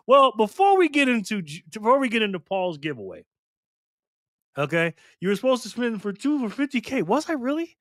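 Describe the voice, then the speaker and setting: A man's voice: sits high, very animated, a little fast, a bit bright, no echo, studio quality. Laughing tired man hosting a livestream. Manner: laughs often, reads chat aloud. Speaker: livestream host. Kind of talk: casual livestream chat.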